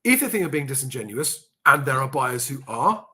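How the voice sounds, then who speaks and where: A man's voice: medium pitch, sing-song, fairly quick, sharp tone. A man hosting a podcast, giving frank, matter-of-fact advice in casual chat and swearing now and then. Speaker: podcast host, property expert.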